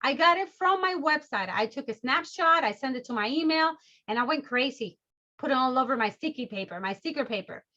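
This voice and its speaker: A bubbly, excitable woman runs a sales training session over a video call, her voice high and bright. She stays at high energy the whole time. The audio is slightly dull and lo-fi. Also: a little fast.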